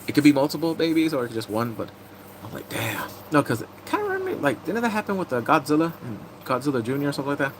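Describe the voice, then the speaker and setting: A man casually recapping TV episodes, excitable and rambling, breaking into sudden high squeals. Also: a little hiss or hum, poor audio. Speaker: TV recap host.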